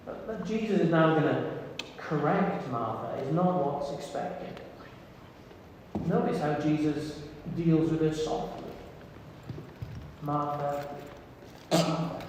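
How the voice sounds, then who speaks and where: A man preaches a sermon in an earnest, intimate way, with soft pauses. His voice sits fairly high and sounds mellow. He is picked up from a distance, with a long hall reverb and faint noise behind him. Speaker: pastor. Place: church hall.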